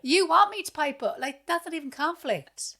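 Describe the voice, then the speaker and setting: A woman in her thirties with an Irish accent, co-hosting a podcast and chatting casually, blunt and animated as she acts out what people said. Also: high voice, normal speed. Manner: blunt, animated storytelling with acted-out quotes. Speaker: podcast co-host. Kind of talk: casual chat.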